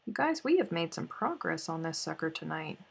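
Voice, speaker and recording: A woman's voice: low voice, sing-song, brisk, gravelly, slightly rough. A woman with a Southern US accent chatting casually on a crochet live stream, sometimes counting stitches under her breath.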